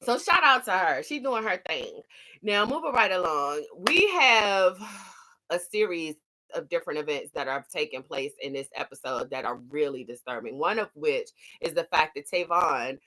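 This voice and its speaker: A woman hosting a casual TV recap vlog, telling the story in an animated, slangy way and laughing often. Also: deep voice, moderate pace. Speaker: TV episode recap host.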